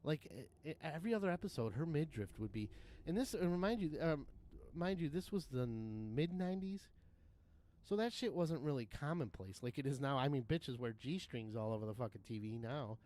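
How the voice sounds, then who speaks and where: A man's voice: medium pitch, darkish tone. A man in his thirties or forties, rambling casually and profanely while streaming a game, with frequent laughs. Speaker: livestream gamer. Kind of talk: casual gaming commentary.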